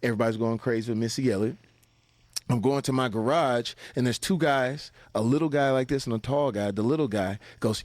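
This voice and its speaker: A man telling stories in a casual, animated way, swearing freely, laughing often and acting out other people's lines. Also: medium pitch, brisk, no echo. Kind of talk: casual anecdotal storytelling.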